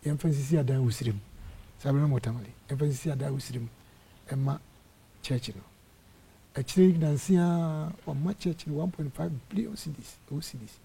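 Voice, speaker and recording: A middle-aged man from Ghana, an apostle, telling animated stories in an interview and acting out the dialogue. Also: on the high side, a little fast, gravelly, husky. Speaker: apostle and church area head. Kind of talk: storytelling interview testimony.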